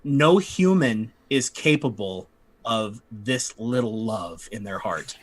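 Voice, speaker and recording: A man's voice: fairly low pitch, lively intonation. A man running a tabletop game as game master, narrating and laughing often. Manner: laughs often, quick asides.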